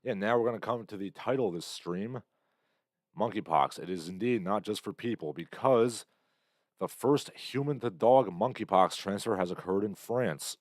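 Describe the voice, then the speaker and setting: Reacting to chat as comments come in, a very low-voiced man who sounds about thirty-something hosts his own livestream, speaking bluntly at normal speed with plenty of fillers and rambling. The sound is dry and close-miked, without any room around it.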